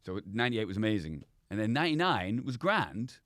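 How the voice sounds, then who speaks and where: Comedian guest, man, low voice, chatty storyteller who restarts a lot, dry studio sound. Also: sing-song, fairly quick, fairly bright tone, no echo. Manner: rambling anecdotes with many restarts. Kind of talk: casual chat.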